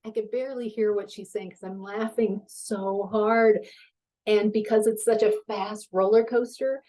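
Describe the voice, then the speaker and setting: A woman's voice: medium pitch, fairly even intonation, a little slow, warm tone, rough recording. A woman tarot reader giving a casual reading, telling stories in a chatty way and laughing easily.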